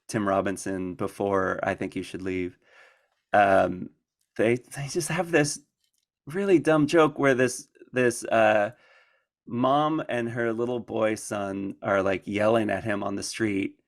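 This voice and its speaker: A man's voice: fairly low pitch, creaky. A man answering audience questions at a conference in a rambling, casual way, laughing often and restarting his sentences. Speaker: conference speaker.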